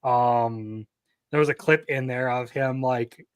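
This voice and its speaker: A young man co-hosting a casual podcast, speaking in a relaxed, easygoing way with frequent ums. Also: medium pitch, slow, smooth, no echo. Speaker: podcast co-host. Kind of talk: casual chat.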